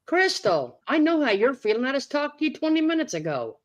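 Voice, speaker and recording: High-voiced woman greeting her chat. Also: big pitch swings, fairly quick, rough recording. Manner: blunt, salty, greeting viewers by name. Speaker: livestream host. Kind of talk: casual livestream chat.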